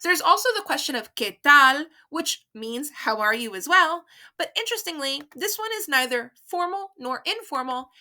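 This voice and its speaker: Bright, high-voiced woman teaching Spanish. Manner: patient, careful, models words for repeating. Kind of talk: slow, clear language lesson with repeat-after-me drills.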